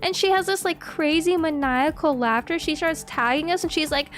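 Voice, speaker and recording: High-voiced giggly young woman streamer. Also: fairly quick, hardly any pauses, over music. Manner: giggly, excitable, swearing. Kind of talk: casual chat.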